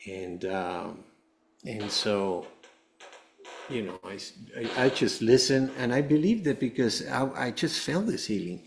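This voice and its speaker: An earnest man tells a personal story as a guest, his voice sitting at an everyday middle pitch. He wanders through the telling and keeps backing up to restart his sentences. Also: lively intonation, measured pace, gravelly, slight background noise. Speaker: guest, cancer survivor. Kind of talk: personal testimony told to a host.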